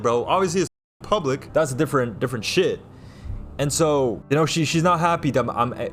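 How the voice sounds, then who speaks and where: A young man from New York, livestreaming and telling a personal story to his chat in a rambling way, loud one moment and hushed the next. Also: medium pitch, slight background noise.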